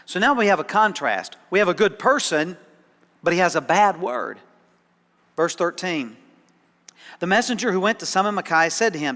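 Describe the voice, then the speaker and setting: A man's voice: high voice, animated, normal speed, long pauses, fairly bright tone, big-room sound. A man preaching a sermon as pastor, conversational and dryly sarcastic, often repeating words as he starts a thought. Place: church sanctuary.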